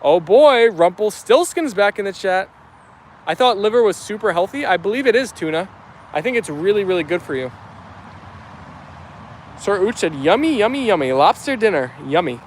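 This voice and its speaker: A man's voice: high-pitched, lively intonation, normal speed, long pauses, a little hiss or hum. Upbeat young man with New York Italian accent. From New Jersey. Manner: chatty, upbeat, many fillers. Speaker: vlogger reading live chat. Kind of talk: casual chat reading comments aloud.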